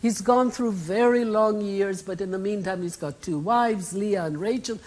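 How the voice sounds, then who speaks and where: Husky-voiced woman telling a dramatic story. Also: mid-range voice, moderate pace, rough recording. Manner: vivid, expressive retelling with asides. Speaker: keynote speaker.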